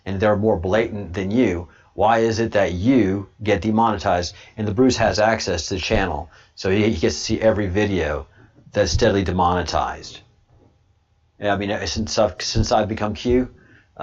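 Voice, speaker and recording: A man hosting a livestream and answering chat, halting with many restarts, then repeating points slowly and with emphasis. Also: fairly low pitch, lo-fi sound. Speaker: channel host.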